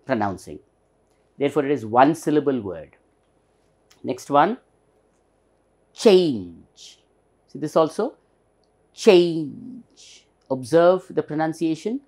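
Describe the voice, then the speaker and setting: A man's voice: a little high, sing-song, moderate pace, pauses often, a little mellow. A man teaching a pronunciation lesson, patiently spelling out and repeating words. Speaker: English teacher.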